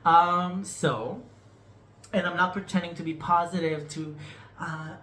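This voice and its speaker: Unhurried and fairly even in intonation, a man with a fairly high, sharp-toned voice shares his healing journey on his vlog. He's emotional and rambling, repeats himself, trails off, and jokes frankly with viewers, recorded in an echoey room with slight hiss or hum.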